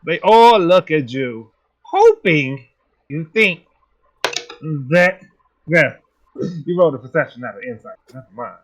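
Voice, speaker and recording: A man narrating a tabletop game as its game master. His voice sits a little high and swings widely in pitch. He delivers his characters' lines in slow, weighty pronouncements. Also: big pitch swings, a little hiss or hum.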